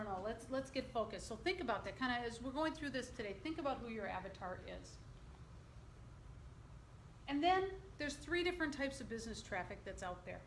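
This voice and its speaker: A middle-aged woman giving an interactive workshop presentation, lively and quizzing her audience. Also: on the high side. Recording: echoey room, faint background noise.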